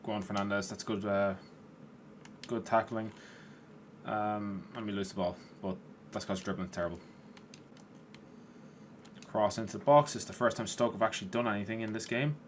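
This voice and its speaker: Male gaming YouTuber, casual play-by-play, tired and sweary, lower register, light background noise. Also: normal speed, long pauses. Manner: chatty, swears at players, rises in excitement. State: tired, yawning. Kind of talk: casual gameplay commentary.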